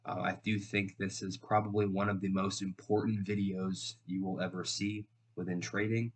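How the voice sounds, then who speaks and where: Low-voiced nasal man teaching trading. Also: level tone, normal speed, slightly rough. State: nasal voice from recent illness. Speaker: trading educator. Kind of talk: direct-to-camera trading lesson.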